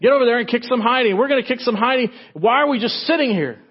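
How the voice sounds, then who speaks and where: A man's voice: high-pitched, very fast, slightly rough, lo-fi sound, voice pushed up. A man preacher voicing an indignant young shepherd boy who scolds and urges others to fight. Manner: fired-up, scolding questions.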